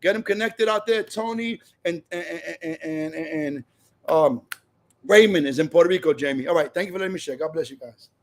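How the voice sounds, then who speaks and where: A man's voice: on the high side, fairly quick. A man giving a passionate, repetitive personal share at a recovery meeting, telling stories.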